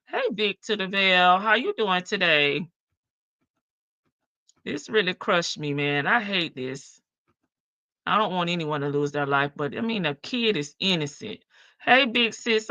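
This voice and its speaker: A woman's voice: medium pitch, slow, pauses often, sharp tone, dry recording, muffled recording. A woman hosting a casual livestream, chatting and greeting viewers one by one in a big country voice. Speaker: livestream host.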